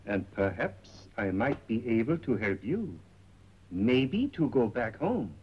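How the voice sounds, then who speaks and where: An actor playing a soft-spoken, coaxing shopkeeper with scheming motives in a 1930s film. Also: male voice, mid-range voice, big pitch swings, slow pace, husky, full character voice. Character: smooth, scheming shopkeeper courting a young woman. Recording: muffled old 1930s film soundtrack with hiss.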